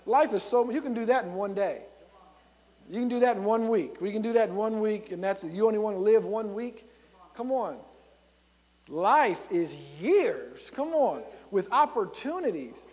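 Preacher guy with a high voice, fired up, calling out to the church, big reverb. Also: lively intonation, moderate pace, a little mellow. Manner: rousing, calls to the congregation. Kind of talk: sermon.

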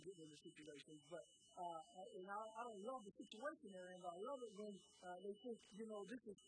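A woman's voice: mid-range voice, noisy background. A woman preaching a sermon, urging her listeners on with repeated calls and emphatic declarations. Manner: exhorting, repetitive calls to the congregation. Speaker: pastor.

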